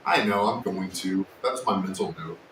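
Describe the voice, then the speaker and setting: A man hosting a casual woodworking livestream, chatting and joking with his viewers, sometimes yelling, recorded in a workshop. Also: normal speed. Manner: joking, teasing, with sudden yells. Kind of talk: casual live-stream chat with viewers. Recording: echoey room, distant mic, faint rumble.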